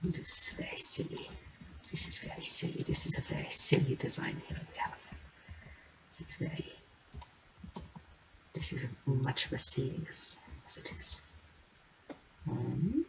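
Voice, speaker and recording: Slow, gravelly woman rambling while gaming. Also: rumbling low, sing-song, slight background noise, low-quality recording. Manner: rambling and playful, with sing-song noises and soft murmured asides. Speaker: game streamer. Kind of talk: casual gameplay commentary while building. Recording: keyboard and mouse clicks behind the voice.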